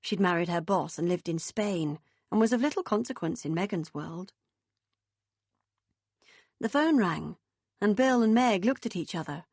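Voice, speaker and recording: A woman narrating an audiobook in a measured, expressive reading. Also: on the low side, no room sound.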